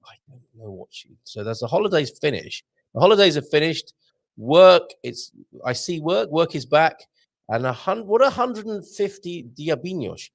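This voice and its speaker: A man hosting a live online show, rambling excitably to viewers and reading the chat. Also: fairly high pitch, moderate pace, vocal fry. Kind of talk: casual live-stream chat.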